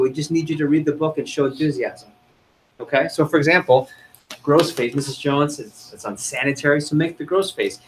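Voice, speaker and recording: A man's voice: fairly high pitch, normal speed, slight background noise, poor audio. A man running a sales training seminar, coaching the group and firing questions at them.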